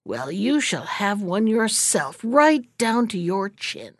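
Storybook: sly spiteful old hag, croaky and muttering, a woman voicing her. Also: medium pitch, sing-song, slow, no room sound, studio quality, exaggerated voice. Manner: muttering, mocking.

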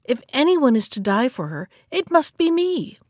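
Woman doing a proud loyal little dog in a storybook, insistent, high voice. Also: very animated, moderate pace, no echo, clean studio sound. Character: brave little male pet dog, loyal.

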